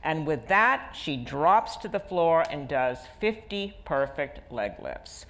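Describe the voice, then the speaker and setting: A woman writer on a panel, telling a story with dramatic, lively delivery. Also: low voice, a little slow, hardly any pauses, a little hiss or hum. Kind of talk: onstage conversation. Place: stage before a live audience.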